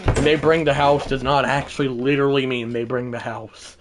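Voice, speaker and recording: A livestreamer giving play-by-play of a football video game, swinging from mumbled asides to shouted sportscaster-style calls. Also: medium pitch, level tone, brisk, noisy background. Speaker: gaming livestreamer.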